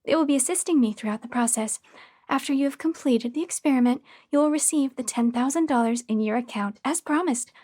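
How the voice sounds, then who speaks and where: A woman's voice: high-pitched, a little fast, warm tone. A woman voicing a sing-song creepy caretaker. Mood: sugary menace. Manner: sing-song, chirpy, over-sweet. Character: sweet, creepy female caretaker, falsely motherly. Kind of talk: audiobook horror reading.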